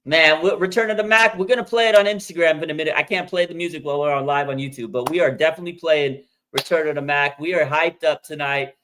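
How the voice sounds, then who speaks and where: A man hosting a fan livestream, talking excitedly in slangy bursts and letting out loud whoops. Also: fairly high pitch, quick pace, few pauses, slight background noise. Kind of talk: hyped fan livestream commentary.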